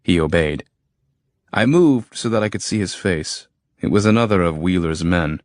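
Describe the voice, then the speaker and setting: A man narrating a first-person horror audiobook in a steady, terse storytelling manner, recorded close on a studio mic. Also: low voice, normal speed, no room sound.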